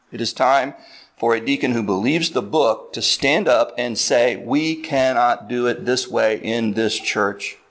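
A man's voice: mid-range voice, creaky, fairly bright tone. Man preaching an earnest sermon. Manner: earnest, deliberate preaching with slow emphatic stretches; explains words step by step, asks listeners "right?". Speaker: pastor.

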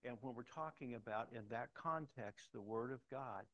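A man's voice: medium pitch, moderate pace, fairly bright tone, dull audio. A middle-aged man preaching a sermon, telling personal stories in a conversational way and growing emphatic at times. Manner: conversational storytelling, emphatic at points. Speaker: pastor.

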